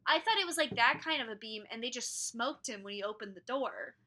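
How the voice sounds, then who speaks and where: A woman's voice: fairly high pitch, animated, a little fast, bright, forceful tone. A young woman co-hosting a casual book podcast, eagerly retelling the plot. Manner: eager, storytelling recap with acted quotes. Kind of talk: casual chat recapping a book.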